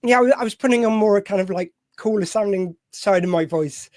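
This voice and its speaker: A man's voice: sits high, brisk, darkish tone, no room sound. A man with a slightly posh voice who hosts a show. He chats casually and rambles, with many fillers and restarts. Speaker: host. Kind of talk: casual chat.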